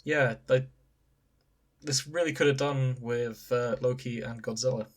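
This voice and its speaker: A podcast co-host reads out fanfiction details in loose, casual chat. The delivery is enthusiastic, with frequent giggling and playful banter, at an everyday middle pitch. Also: steady tone, a little slow.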